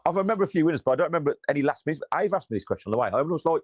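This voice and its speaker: A man chatting casually about football with a friend, full of teasing banter. His pitch swings widely as he talks. The sound is dry and close, with no room around it. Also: very animated, very fast, few pauses, no echo. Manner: teasing, banter-heavy, swears. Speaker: football fan channel co-host. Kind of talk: casual chat.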